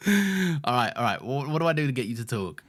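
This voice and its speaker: Giggly, animated podcast host. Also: male voice, medium pitch, brisk. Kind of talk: casual chat.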